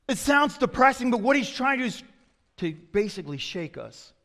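A man preaching a sermon in a conversational, storytelling way, swinging between loud emphatic phrases and hushed asides. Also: sits high, very animated, a little fast. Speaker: pastor. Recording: long reverb of a large hall.

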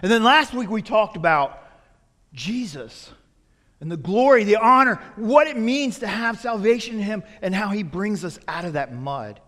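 A male pastor preaching a sermon, telling a story that moves from hushed to loud. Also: sits high, animated, normal speed. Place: church sanctuary. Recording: long reverb in a church hall.

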